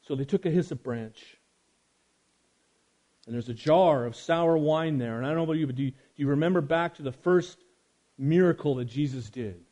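A man preaching a sermon, swinging from loud emphasis to hushed quiet and speaking straight to his listeners. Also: on the high side, moderate pace. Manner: addresses listeners directly.

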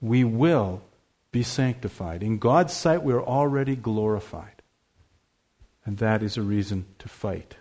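A man's voice: fairly low pitch, lively intonation, a little mellow. Earnest male preacher delivering a sermon. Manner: earnest preaching, slows and repeats key phrases for stress. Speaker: pastor.

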